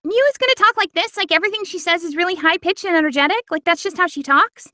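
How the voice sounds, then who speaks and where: A woman voicing an energetic fourteen-year-old girl in a bubbly, high-pitched way. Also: fast talker, dry recording. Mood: excited.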